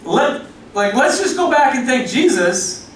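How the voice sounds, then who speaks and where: A man voicing an excitable, bewildered outcast who has just been healed, talking fast and incredulous. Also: very high-pitched, slight background noise, pitched above the performer's own voice, exaggerated voice. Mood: pleading. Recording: echoey hall from far off.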